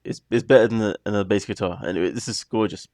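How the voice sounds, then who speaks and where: A man's voice: lowish voice, fairly even intonation, quick pace, over music. A man hosting a reaction video, chatting casually with joking, rambling asides. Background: song playing underneath.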